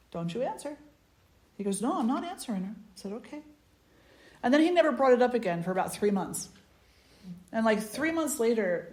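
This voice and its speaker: A woman spiritual teacher giving a satsang talk, telling stories gently in short, unhurried phrases. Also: mid-range voice. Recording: echoey room.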